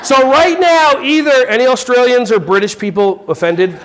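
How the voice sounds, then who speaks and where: High-voiced playful man leading a workshop. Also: moderate pace, fairly bright tone, slight background noise. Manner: playful, joking with the audience. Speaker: workshop presenter for teachers. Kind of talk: live workshop talk. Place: workshop room with an audience.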